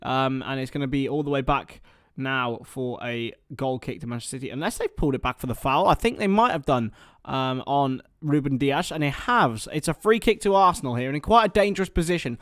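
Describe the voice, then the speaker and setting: A man doing chatty live football commentary for a watchalong stream, excitable and talking to his viewers. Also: mid-range voice, brisk, no room sound, studio quality.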